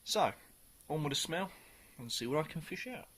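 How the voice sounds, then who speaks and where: A man's voice: fairly high pitch, animated, normal speed, a bit bright, husky. A man talking casually through a beer review, rambling a little and full of ums. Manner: chatty and rambling, with many ums.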